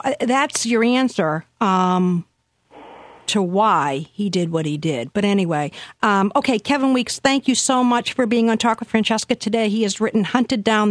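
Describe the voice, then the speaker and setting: A woman's voice: medium pitch, normal speed, no echo, studio quality, soft background music. Hesitant woman hosting a radio talk show. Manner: hesitant, with many "um"s and restarts. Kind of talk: radio interview.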